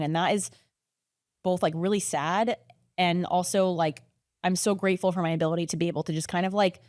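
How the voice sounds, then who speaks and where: A young woman on a podcast speaks in a lowish voice, rattling along casually and peppering her talk with "like" and "you know what I mean." Her voice sits close to the mic, dry, with no room sound around it. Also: steady tone, a little fast, darkish tone, dry recording. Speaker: podcast guest. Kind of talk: casual conversation.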